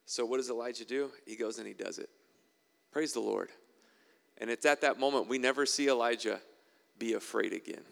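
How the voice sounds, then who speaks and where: A man delivers a sermon in a church hall, reading scripture and breaking off for wry, conversational asides. His voice has a gravelly edge, and the long reverb of a large hall trails behind every phrase. His pitch sits in a middle range. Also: brisk, fairly bright tone. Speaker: preacher.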